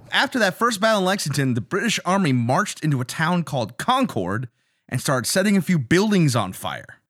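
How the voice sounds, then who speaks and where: A man's voice: medium pitch, no room sound. Man narrating a travelogue outdoors. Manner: reads monument inscriptions aloud with relish. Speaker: podcast host. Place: outdoors at historic sites.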